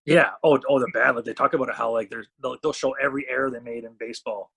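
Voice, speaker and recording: A man from Canada, a talent management CEO, chatting as a podcast guest and telling animated stories where he acts out what people said. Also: mid-range voice, fast talker, gravelly, husky. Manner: animated storyteller, acts out quotes. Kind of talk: casual storytelling chat.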